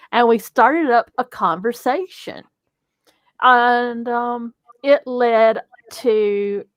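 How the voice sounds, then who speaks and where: A woman's voice: a little high, slow, no echo. A woman, a company co-founder telling a chatty, giggly story in an interview.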